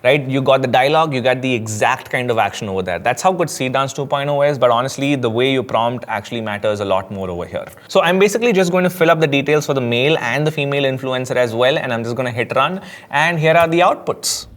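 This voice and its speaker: A man's voice: mid-range voice, animated, fast, few pauses. A man giving a chatty, upbeat screen tutorial, often saying "basically" and "like". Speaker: AI tutorial instructor.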